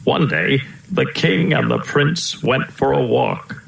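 A man narrating a children's storybook aloud in a steady, storytelling way, in a roomy-sounding recording. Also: mid-range voice, slow pace, gravelly. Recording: roomy echo.

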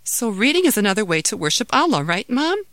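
A woman's voice: medium pitch, sing-song, fast, fairly bright tone, no echo, clean studio sound, pitched above the performer's own voice. A woman voicing an eager, curious young girl in a storybook reading.

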